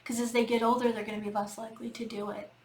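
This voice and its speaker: A woman's voice: on the high side, little pitch movement, fast talker. A middle-aged woman, a healing coach, giving casual spoken advice in an earnest, repetitive way, talking straight to her listeners. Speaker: healing coach and podcast host. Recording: echoey room with faint background noise.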